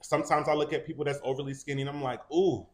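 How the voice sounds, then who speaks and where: A man's voice: on the high side, level tone, racing. A man co-hosting a casual gossip show, talking animatedly and acting out what people said in raised voices. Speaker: co-host. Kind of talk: casual celebrity gossip chat.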